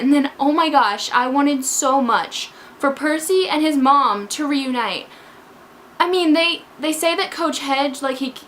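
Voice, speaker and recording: Gushing high-voiced young woman vlogger. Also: fairly bright tone, a little hiss or hum. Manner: gushing, scatterbrained and emotional. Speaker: book vlogger. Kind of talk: casual book discussion.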